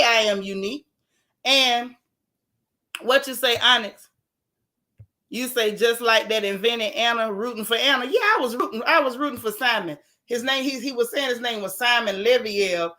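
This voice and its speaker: Animated bright-voiced woman gossiping. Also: a little high. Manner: animated, joking, folksy storytelling. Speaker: show host. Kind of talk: casual gossip chat with live viewers.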